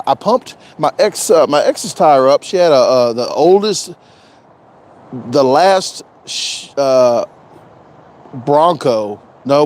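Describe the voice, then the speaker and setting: A man's voice: on the high side, a little mellow. A man chatting casually on a live stream, rambling and joking, often repeating himself. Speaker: vlogger doing a live stream.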